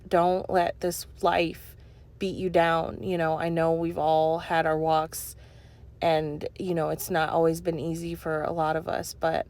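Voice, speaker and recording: A woman's voice: deep voice, flat delivery, measured pace, vocal fry. A young woman talking over her cleaning vlog in an earnest, rambling way, full of "you know" fillers. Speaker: cleaning vlogger. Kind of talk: heartfelt voice-over chat.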